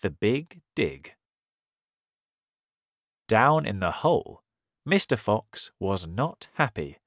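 A man reading a children's storybook aloud in an expressive manner. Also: on the low side, slow pace, no room sound. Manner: animated, expressive read-aloud delivery. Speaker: narrator.

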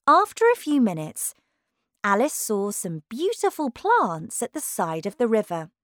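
A woman's voice: on the high side, huge pitch swings, a little slow, dry recording, studio quality. A woman narrating a children's storybook aloud. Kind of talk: storybook reading.

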